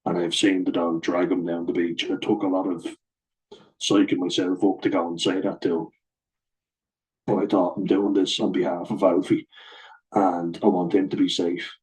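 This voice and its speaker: A man's voice: low voice, level tone, moderate pace, a little mellow, poor audio. Blunt, sweary man. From Ireland. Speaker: vlogger. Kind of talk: casual storytelling to camera.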